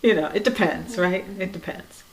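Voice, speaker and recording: A woman with a slightly low voice gives a reflective dharma talk. She speaks conversationally and gently, often saying "you know" and letting her phrases fall quiet. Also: normal speed, poor audio. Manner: conversational, frequent "you know", soft laughs.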